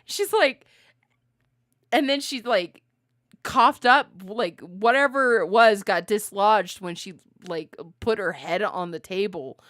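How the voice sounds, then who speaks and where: Chatty podcast lady, mid pitch, dry close sound, jumps into silly voices for quotes. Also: takes it slowly, no echo. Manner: animated storyteller, acts out quotes, laughs often. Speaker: podcast co-host. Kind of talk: casual chat.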